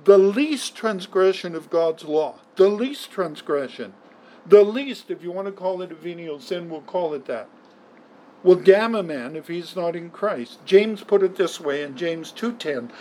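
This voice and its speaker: A man's voice: sits high, animated, a little slow, a little mellow, a little hiss or hum, rough recording. A man preaching a sermon in an emphatic way, often repeating words for stress. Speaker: pastor.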